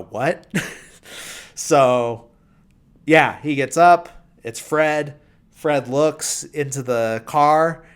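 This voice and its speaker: Male podcast host, slow, casual film recap, rambling with fillers. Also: mid-range voice. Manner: rambling, filler-heavy, drops into quiet mumbled quotes.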